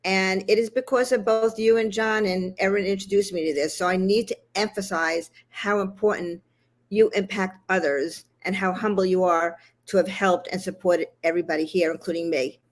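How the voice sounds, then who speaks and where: Woman, guest, mid pitch, heartfelt, grateful, video call. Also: steady tone, normal speed. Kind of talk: casual livestream chat.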